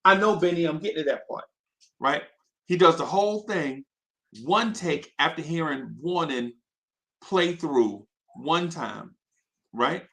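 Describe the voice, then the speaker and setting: Bright-voiced man telling a story. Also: on the high side, unhurried, gravelly. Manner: energetic, restarts a lot, checks in with "right?". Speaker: host. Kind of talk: animated anecdote telling on a live show.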